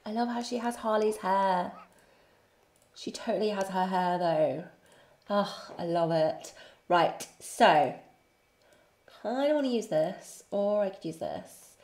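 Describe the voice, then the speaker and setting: Gushing young woman, lively pitch. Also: reverberant. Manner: gushing, excitable, cooing baby talk. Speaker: gaming YouTuber. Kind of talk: let's-play commentary.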